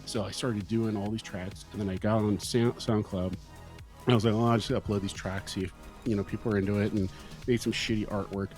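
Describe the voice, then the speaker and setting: A man's voice: lowish voice, fairly even intonation, a little fast, darkish tone, soft background music. A man from California, a guest musician in a casual interview, who tells laid-back stories, swears freely and acts out his own past thoughts.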